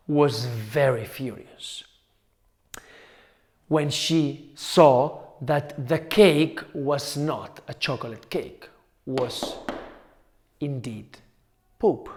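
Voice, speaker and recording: Slow-telling male teacher storyteller. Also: a little high, animated. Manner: slow, repetitive, dramatic pauses. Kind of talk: storytelling for children.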